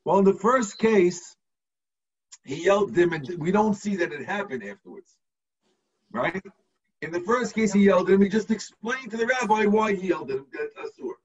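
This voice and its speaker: A man's voice: high voice, lively intonation, normal speed, husky, recorded from a distance, lo-fi sound. A man, a rabbi, teaching a text to his students over a video call, explaining step by step and checking in with the class.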